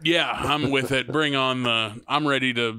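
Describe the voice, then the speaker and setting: A man's voice: medium pitch, steady tone, normal speed, bright, forceful tone, clean tone. A man co-hosting a podcast over a remote call, bantering and playing along with jokes. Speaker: podcast co-host. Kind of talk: casual comedic chat. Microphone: remote call recording.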